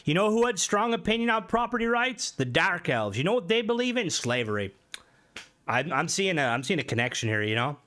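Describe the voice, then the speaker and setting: A man streaming a game and chatting casually with his viewers, rambling and swearing, with many fillers, and his voice jumps higher when he gets worked up. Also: sing-song, a little fast, bright, forceful tone. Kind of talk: casual live-stream chat.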